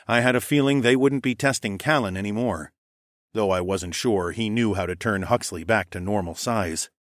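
A man narrating a first-person fantasy audiobook with expressive, plain storytelling. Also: fairly low pitch, no echo, clean studio sound.

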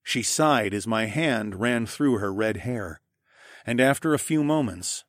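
A man narrating a first-person fantasy audiobook in an expressive way, hushing for dialogue tags. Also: lowish voice, unhurried, no room sound, clean studio sound. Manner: expressive, drops to a hush for tags.

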